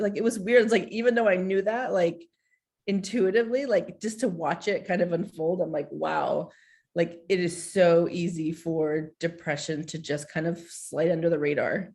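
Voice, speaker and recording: A woman's voice: on the low side, normal speed, a little mellow. Candid mother talking on a video call. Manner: candid and heartfelt, many filler likes. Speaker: school social worker. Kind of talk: casual video-call presentation.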